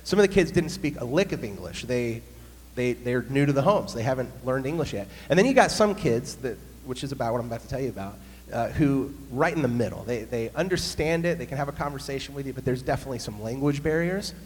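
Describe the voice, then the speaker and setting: A man, a pastor, telling a humorous story in an animated sermon. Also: mid-range voice, quick pace. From United States. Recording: long hall reverb, faint hum.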